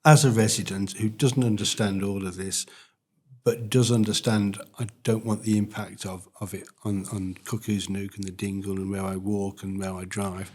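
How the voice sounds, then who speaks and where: Fairly low-voiced male podcast host. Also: flat delivery, moderate pace, a little mellow. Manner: stumbling, repeats words. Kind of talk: conversational podcast interview.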